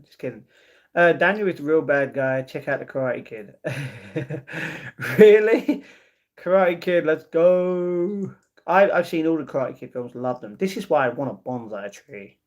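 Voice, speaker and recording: A man hosting a casual livestream, reading viewer comments aloud and answering them with easygoing replies. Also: mid-range voice. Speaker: livestream host.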